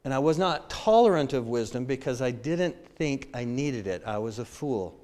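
A man in his fifties preaching a sermon, telling animated stories about himself and acting out quotes with self-mocking humor. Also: mid-range voice, moderate pace, a little hiss or hum.

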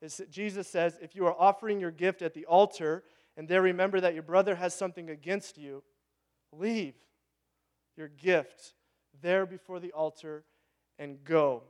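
Conversational pastor with a higher voice. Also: male voice, fairly even intonation, moderate pace. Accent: Pacific Northwest American. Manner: conversational, asks the congregation questions. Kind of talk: sermon.

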